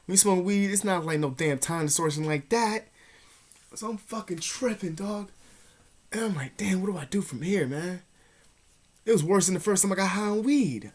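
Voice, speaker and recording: A young man casually telling a story to his vlog audience, slangy and profane, animated, sometimes dropping to a whisper. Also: a little high. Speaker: vlogger.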